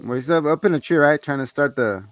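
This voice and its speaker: A man's voice: on the high side, quick pace, no echo. A man co-hosting a casual podcast, animatedly retelling a movie scene with profane acted-out quotes. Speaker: podcast co-host. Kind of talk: casual movie recap chat.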